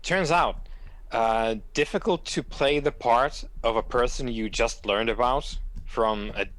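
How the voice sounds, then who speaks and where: Slow low guy playing a tabletop game, smooth clear voice. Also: fairly bright tone. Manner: hesitant, chuckling. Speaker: player. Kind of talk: casual tabletop play.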